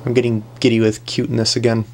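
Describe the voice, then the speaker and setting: A woman's voice: extremely low pitch, flat delivery, fast talker, a little mellow, slight background noise. A woman giving playful, chatty commentary on a video game she is playing, often talking to the characters on screen. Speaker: gaming commentator. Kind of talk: let's play commentary. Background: faint game music.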